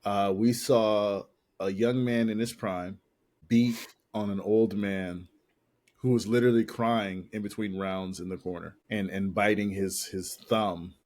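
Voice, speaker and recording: A man's voice: lowish voice, steady tone, a little slow, darkish tone. A man co-hosting a podcast, chatting casually in a rambling, slangy way and often repeating himself. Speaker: podcast co-host. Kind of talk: casual chat.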